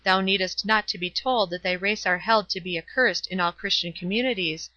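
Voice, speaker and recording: A commanding outlaw captain who calls out orders, as a woman reads him in an audiobook. Bright voice, dry and slightly dull sound. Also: mid-range voice, a little fast, no echo, lightly acted.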